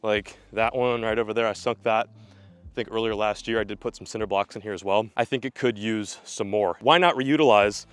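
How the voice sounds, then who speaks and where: A man's voice: on the low side, a little fast, smooth. A man filming a casual fishing vlog outdoors by his backyard pond, talking to viewers and exclaiming when something surprises him. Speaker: fishing vlogger.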